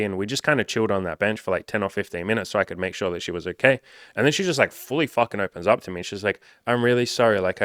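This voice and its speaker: A man's voice: fairly low pitch, a bit bright, smooth, dry recording, studio quality. A man, a dating coach, telling a story in a loose, chatty way, swearing freely and filling with "like". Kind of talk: casual storytelling to camera.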